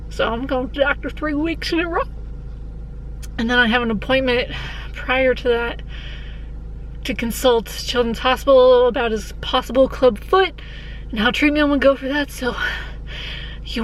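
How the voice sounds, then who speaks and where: A young woman from Colorado talking casually in a vlog. She is chatty, laughs often and drops into hushed asides. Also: sits high, a little hiss or hum, poor audio. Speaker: vlogger. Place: outdoors on a walk, later at a hospital.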